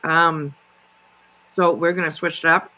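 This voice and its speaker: A woman's voice: low voice, fairly even intonation, a little slow, pushed and bright, low-quality recording. A woman hosting a casual livestream, chatty and filler-heavy, greeting viewers by name. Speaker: livestream commentary host.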